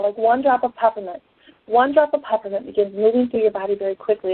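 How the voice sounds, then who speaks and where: A woman speaks to a class in a husky, slightly breathy voice, pouring herself into a personal testimony. She swings from hushed moments to excited bursts. The sound is thin and phone-like, with no room echo at all. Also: mid-range voice. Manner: impassioned storyteller, swings between hushed and excited. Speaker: essential oils class speaker. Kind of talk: emotional personal testimony talk. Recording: tinny phone-like dry sound.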